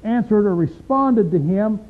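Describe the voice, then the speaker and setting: A man preaches in a homely, talk-to-you way, firing questions at his listeners. His voice sits high, and the recording is thin and tinny, like a phone line. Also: expressive, unhurried. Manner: folksy, conversational, asks the listeners questions. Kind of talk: sermon.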